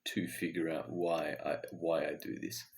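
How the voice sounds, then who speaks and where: A man's voice: very deep voice, flat delivery, unhurried, gravelly, slight background noise. A tired man talking to himself in an earnest, introspective video diary late at night. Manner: earnest, introspective self-talk. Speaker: vlogger.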